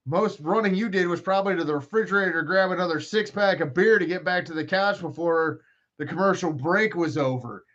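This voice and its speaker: Host: a man, slightly high voice, rambling profane banter, muffled lo-fi stream audio. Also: fairly bright tone. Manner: profane, joking, rambling trash talk. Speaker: podcast host. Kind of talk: casual rambling live-stream chat.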